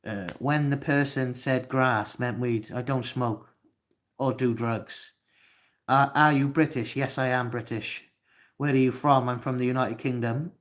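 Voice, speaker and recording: A man's voice: mid-range voice, steady tone, measured pace. A Welsh man in his twenties hosting a live stream, reading chat comments aloud and swearing at trolls. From Wales. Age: 20s. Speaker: livestream host.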